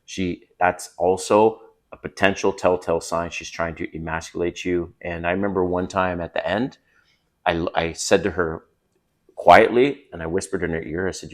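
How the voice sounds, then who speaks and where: A middle-aged man giving casual dating advice in an animated, emphatic way, often checking in with his listener. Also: low voice, moderate pace.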